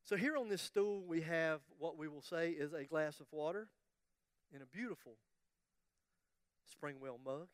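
A man with a high, smooth voice delivers a sermon in a dry, close sound. He tells a story with humor and acts out the voices of the people in it. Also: measured pace, pauses often, no echo. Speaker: pastor.

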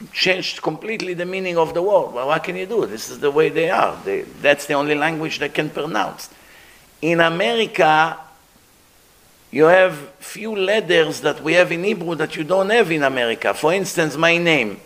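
An aged man giving a religious lecture, animated and conversational, acting out the sounds he describes. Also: a little high. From Middle East. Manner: animated, demonstrates throat sounds, conversational asides.

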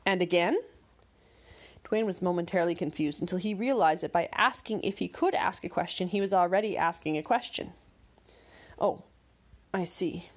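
A woman narrating a bedtime story in a calm, gentle, measured way. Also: fairly low pitch.

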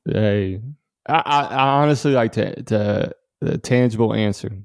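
A man's voice: fairly low pitch, a little mellow, no echo, studio quality. A man, the guest author in a podcast interview, telling personal stories earnestly and emphatically, repeating words for stress and laughing often between points. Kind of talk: conversational storytelling interview.

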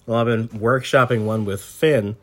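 A man in casual chat who talks in a lively, playful way. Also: fairly low pitch, moderate pace.

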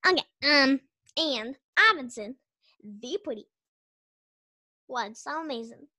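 A woman's voice: high voice, animated, slow pace, bright, forceful tone. A woman hosting a podcast, telling a rambling story in a casual, giggly way, full of "like" and restarts. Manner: giggly, restarts often, lots of "like". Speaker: podcast host.

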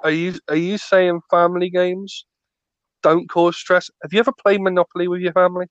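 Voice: mid-range voice, little pitch movement, a little fast, no echo. A podcast co-host in casual chat, ranting with stammering restarts. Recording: dull lo-fi dry recording.

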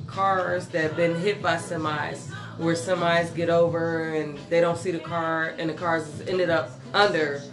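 A woman's voice: deep voice, steady tone, measured pace, hardly any pauses. Woman sharing a testimony on a podcast, earnest, repeats stuff, echoey room with music under it. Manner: earnest, repeats phrases for emphasis. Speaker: podcast co-host. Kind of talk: casual faith chat.

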